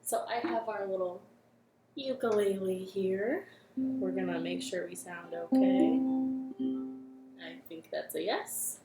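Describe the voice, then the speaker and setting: A woman hosting a children's storytime from her living room, speaking gently and encouragingly and singing with a ukulele. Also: mid-range voice, steady tone, slow, long pauses, roomy sound, over loud music.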